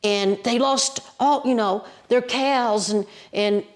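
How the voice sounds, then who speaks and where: A woman with an Appalachian accent, a guest storyteller, telling a story in a lively, folksy way with colloquial mountain phrasing. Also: a little high, takes it slowly. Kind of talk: animated oral storytelling.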